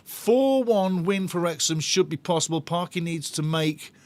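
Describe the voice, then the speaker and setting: A man's voice: on the high side, lively intonation, measured pace, a little mellow. A man hosting a live football watch-along, chatting with viewers in a bantering, sarcastic way. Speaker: host of a football fan watch-along channel.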